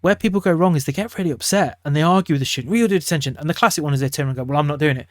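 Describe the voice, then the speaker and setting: A man's voice: on the high side, rapid-fire, no echo, studio quality. A middle-aged man, a teacher giving classroom advice in a casual talk to camera, chatty and acting out quotes from teachers and students.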